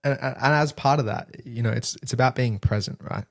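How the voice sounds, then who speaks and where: A man's voice: mid-range voice, fairly quick, no echo, studio quality. A man hosting a podcast, asking long questions in a casual way with many fillers. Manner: casual, fillers like you know and kind of. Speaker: podcast host. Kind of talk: interview questions.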